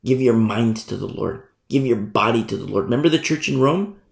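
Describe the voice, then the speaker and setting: Male pastor, sermon delivery, gravelly and emphatic, echoey room. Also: medium pitch, a little fast. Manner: emphatic, repeats key phrases. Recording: roomy echo.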